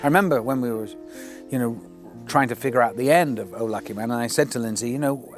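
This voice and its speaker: A man's voice: medium pitch, quick pace, music in the background. An older man, telling an anecdote in an interview and acting out the voices he quotes. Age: 60s. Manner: animated raconteur who acts out quoted voices.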